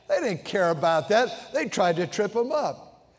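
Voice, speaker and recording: A man preaching with passion, his voice pitched high, rising to shouts and dropping to near hushes. A long reverb from the church hall trails each phrase. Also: very animated, unhurried. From United States. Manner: impassioned preaching, swings from shouts to hushed tones. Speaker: pastor. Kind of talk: sermon. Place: large church sanctuary.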